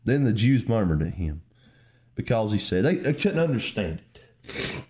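A man preaching a fervent sermon, calling the listeners "friend" and swinging between quiet reflection and raised emphasis. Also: on the low side, very animated, a little slow.

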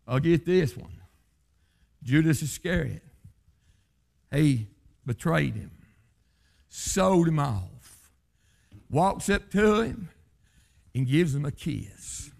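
Gravelly preacher man swinging high to low. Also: very animated, slow pace, long pauses. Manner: chanting revival-style sermon, pitch leaping up to shouts then dropping low. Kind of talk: sermon.

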